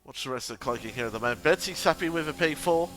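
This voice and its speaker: A man's voice: on the high side, animated, racing, fairly bright tone, a little hiss or hum. A young man commentating a sim racing league stream, chatty and laughing as he banters with chat and co-hosts. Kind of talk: casual live stream commentary.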